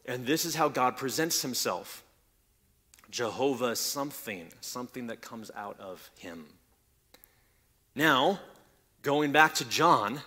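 A man's voice: medium pitch, bright, forceful tone, slightly rough. A man preaching a sermon, explaining scripture in a teaching manner, often repeating words as he restarts, and rising in force when he quotes verses. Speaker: pastor.

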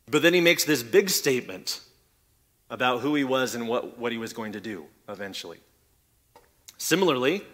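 A man's voice: mid-range voice, pushed and bright. A man preaching a sermon, explaining scripture in a teaching manner, often repeating words as he restarts, and rising in force when he quotes verses. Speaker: pastor.

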